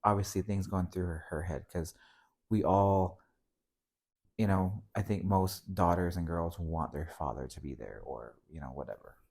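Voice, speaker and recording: A man's voice: sits low, normal speed, darkish tone. A middle-aged man as a podcast guest, telling a story in casual chat, acting out dialogue and laughing between lines.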